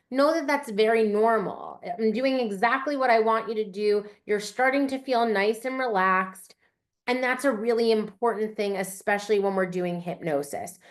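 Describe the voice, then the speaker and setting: A woman fertility practitioner leading a guided meditation and hypnosis session in a gentle, soothing way. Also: on the high side. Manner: gentle, soothing, speaks slowly on breath cues.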